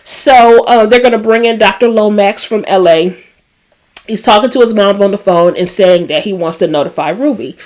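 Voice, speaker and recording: A woman's voice: mid-range voice, moderate pace. Chatty woman recapping TV episodes. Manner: chatty and animated, emotional asides. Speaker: recap host.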